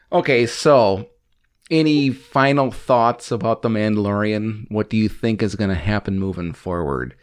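A podcast host in casual chat on a call, animated and playful, laughing often. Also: mid-range voice, a little slow, dry recording, clean studio sound. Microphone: call audio.

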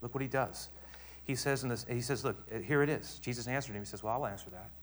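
Animated man preaching a sermon. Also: mid-range voice, quick pace. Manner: animated, swings from quiet explaining to loud emphatic build-ups.

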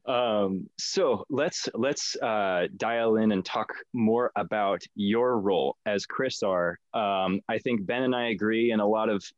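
A man's voice: on the low side, slow, few pauses, no echo, muffled recording. An eager man co-hosting a podcast, chatting with a guest. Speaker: podcast co-host. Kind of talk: casual podcast chat.

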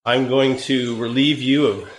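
A man with a cold, hosting a live cycling-training Q&A in a relaxed, rambling way with many fillers. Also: medium pitch, a little slow. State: hoarse from a cold. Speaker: podcast host. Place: home room, riding an indoor trainer. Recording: echoey room with faint ambient noise.

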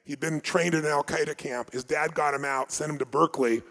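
A man giving a live motivational seminar, telling stories with emphatic delivery that swings between loud and hushed. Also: on the high side, fairly even intonation, brisk. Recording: long hall reverb.

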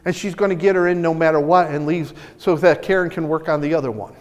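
A man preaching a sermon as pastor, animated and excitable, often stumbling and restarting as he speaks. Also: on the high side, quick pace, big-room sound. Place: church sanctuary.

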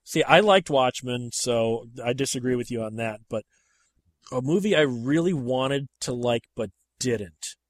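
A man hosting a casual movie chat, talking in an animated, emphatic way. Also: unhurried, no room sound. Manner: animated and emphatic, with sharp rises in pitch when making a point.

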